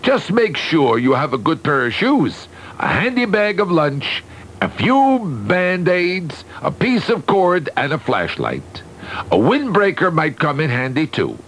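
A man voicing a friendly, eager boy who calmly lists what to bring for a climb, in a matter-of-fact, reassuring way. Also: a little high, measured pace, a little hiss or hum.

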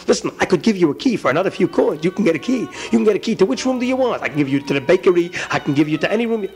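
A man's voice: sits high, animated, racing, soft background music. A man doing a pompous boastful castle guard. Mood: greedy. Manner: boastful, puffed up, dim. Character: pompous self-important male castle guard.

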